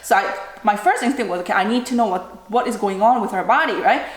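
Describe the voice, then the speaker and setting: A woman's voice: mid-range voice, quick pace. A woman in her thirties, a mother, telling a family story in a casual storytime vlog. She re-enacts the scenes as she talks and keeps checking in with "right?". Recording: roomy echoing room sound.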